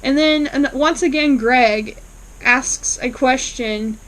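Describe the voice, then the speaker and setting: A woman's voice: sits high, takes it slowly, poor audio. A woman casually recapping a TV episode for her channel, retelling the plot in a chatty way with lots of fillers. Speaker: TV episode reviewer.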